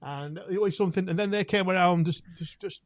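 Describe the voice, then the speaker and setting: Blunt co-host, dry sound. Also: male voice, high voice, fairly quick, no room sound. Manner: enthusiastic, blunt, laughs often. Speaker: podcast co-host. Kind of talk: casual chat.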